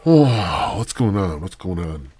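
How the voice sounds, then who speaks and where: A man's voice: deep voice, sing-song, slow, darkish tone, husky, dry recording. A man hosting a podcast in a rambling, crude, goofy monologue full of swearing. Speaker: podcast host.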